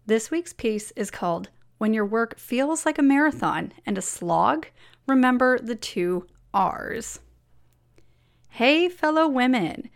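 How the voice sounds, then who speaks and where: Gravelly-voiced woman reading an upbeat memo. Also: on the high side, expressive, slow. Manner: upbeat, encouraging, heartfelt. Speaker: blog host reading her weekly memo. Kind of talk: read-aloud personal letter.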